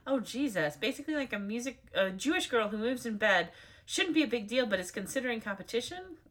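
A woman's voice: a little high, expressive, brisk, fairly bright tone. A woman reading out a list of numbered editor's notes, breaking in with dry, sarcastic asides. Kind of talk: reading aloud with wry asides.

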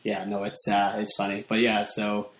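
A man's voice: on the low side, monotone, moderate pace. A man with a Northern Irish accent telling stories in casual chat, rambling with many fillers. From Northern Ireland. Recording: echoey room.

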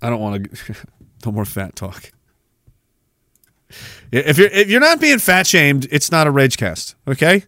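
A man's voice: fairly high pitch, big pitch swings, measured pace, long pauses, bright, forceful tone, no echo, studio quality. A man hosting a livestream podcast, ranting sarcastically, laughing at his own riffs and reading chat comments aloud. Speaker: podcast host.

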